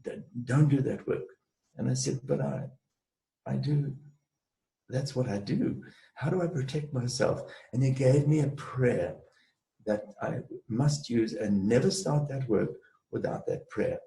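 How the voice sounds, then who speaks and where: Man, gravelly voice, dark tone, measured storytelling, echoey room. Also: medium pitch, slight background noise. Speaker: guest, space clearer and healer. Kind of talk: storytelling in an interview.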